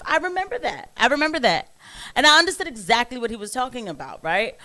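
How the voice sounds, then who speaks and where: A woman's voice: fairly high pitch, big pitch swings, quick pace, bright, forceful tone. A woman hosting a casual reaction commentary, talking emphatically and asking viewers rhetorical questions. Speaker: commentary host.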